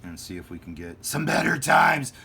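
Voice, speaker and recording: A man's voice: mid-range voice, very animated, moderate pace, gravelly, bright, forceful tone, breathy edge. A man hosting a casual hobby vlog about slot cars, talking in a joking, rambling, self-deprecating way. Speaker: host of a slot car channel.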